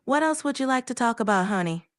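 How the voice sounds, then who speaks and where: An AI voice putting on a warm, sweet-talking Southern woman. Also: on the high side, expressive, quick pace, no room sound, studio quality, voice pushed up, natural voice. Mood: soothing. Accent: American Southern. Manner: drawling, sweet endearments.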